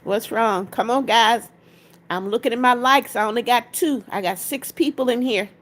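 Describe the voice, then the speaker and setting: A woman hosts a casual livestream. Her voice sits a little high. She greets each viewer by name, reads comments out and keeps urging people to tap likes. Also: normal speed. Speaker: livestream host.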